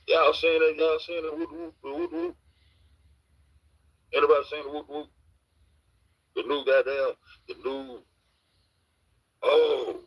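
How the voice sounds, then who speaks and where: Husky, profane livestream host. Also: male voice, medium pitch, rough recording. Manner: profane, rambling, teasing. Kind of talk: casual livestream chat.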